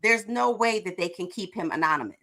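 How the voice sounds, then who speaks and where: A woman co-hosting a live stream, lively and argumentative in a casual chat. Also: medium pitch, brisk.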